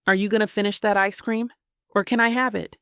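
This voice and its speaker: A woman's voice: mid-range voice, steady tone, brisk, fairly bright tone, clean tone, no echo, studio quality, close to an everyday voice. A woman voicing an eager little boy. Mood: playful. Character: cheerful young boy, eager and playful.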